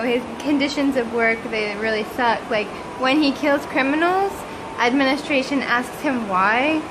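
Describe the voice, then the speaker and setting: A woman vlogger recounts a travel ordeal in a casual, animated way and acts out the people she met. Her voice sits high. Loud vehicle noise rumbles behind her. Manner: animated, dramatic, quotes people. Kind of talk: casual storytelling.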